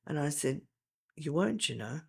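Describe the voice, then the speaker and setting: A woman's voice: low-pitched, sing-song, normal speed, gravelly, a little mellow, slightly rough. An older woman, a veteran teacher explaining in a podcast interview, emphatic and step by step.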